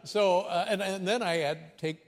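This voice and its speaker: An older man tells a dry, chuckling anecdote as a talk-show guest. His voice is fairly high for a man and carries a long reverb tail from a played-back broadcast. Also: steady tone, moderate pace. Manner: wry, with chuckles. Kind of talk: anecdotal storytelling.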